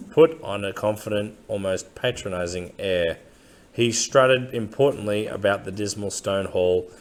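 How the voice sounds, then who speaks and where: A man narrating a novel chapter in a measured, unhurried storytelling way. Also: low voice. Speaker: audiobook narrator. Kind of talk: scripted narration.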